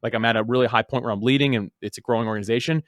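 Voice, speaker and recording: A man's voice: medium pitch, steady tone, dry recording, studio quality. A man in his thirties, a podcast guest, telling his story casually with lots of "like" and repeated words. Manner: rapid, full of "like" and repeated words.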